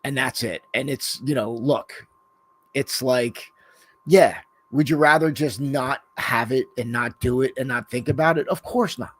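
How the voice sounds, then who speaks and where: A man's voice: mid-range voice, a little slow. A man co-hosting a podcast in loose, rambling casual chat, swearing freely and filling gaps with "you know.". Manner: rambling and profane, full of "you know" fillers. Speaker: podcast co-host.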